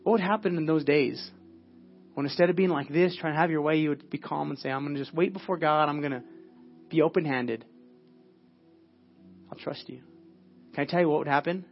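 A man preaching a sermon at a church service in an earnest way, often dropping to a hushed, prayerful tone. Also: fairly high pitch, brisk, creaky, long pauses, highs cut off, soft background music. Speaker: pastor.

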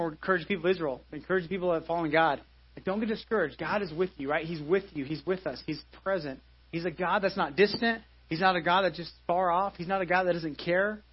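A man's voice: fairly high pitch, slightly rough, muffled recording. A pastor in his forties giving a live sermon in a church, conversational, with many restarts and repeated phrases. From United States.

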